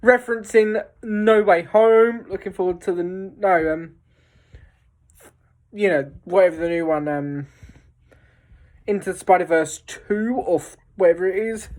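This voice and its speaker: A woman's voice: medium pitch, unhurried, pauses often, darkish tone. A woman giving a casual, enthusiastic spoken film review, rambling with lots of fillers and restarts.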